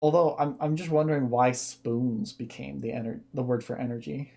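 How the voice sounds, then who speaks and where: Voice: medium pitch, steady tone, moderate pace, gravelly, mellow, husky. A streamer giving casual reaction commentary, thinking aloud and explaining ideas at length.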